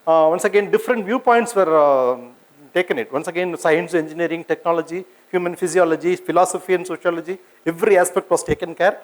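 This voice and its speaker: A man's voice: sits high, fast talker, poor audio. A man with an Indian English accent giving an informal science lecture, hesitant with many fillers and restarts, asking his audience questions. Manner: asks the audience questions, conversational. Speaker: senior scientist giving a public talk.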